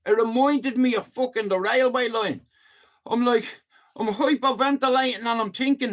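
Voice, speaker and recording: A Dublin Irish man chatting casually on a live stream, telling animated stories and swearing freely. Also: very high voice, moderate pace.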